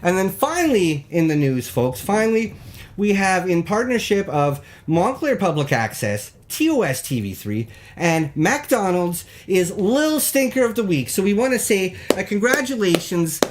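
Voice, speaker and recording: Hosting a live call-in show, this high-pitched man reads mock local news at an unhurried pace. His delivery is deadpan, jokey and rambling, and he trips over words.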